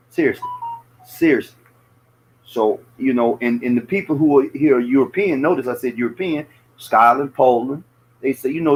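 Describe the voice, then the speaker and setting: A man's voice: mid-range voice, slight background noise, low-quality recording. Profane Southern man in loose chat. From American South. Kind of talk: casual podcast chat.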